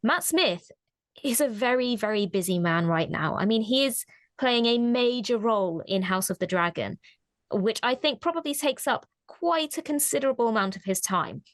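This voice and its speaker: A woman's voice: fairly high pitch, lively intonation, moderate pace, dry recording, clean studio sound. A woman co-hosting a casual discussion, who talks thoughtfully and often restarts her sentences. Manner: thoughtful, hesitant, many restarts. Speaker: co-host.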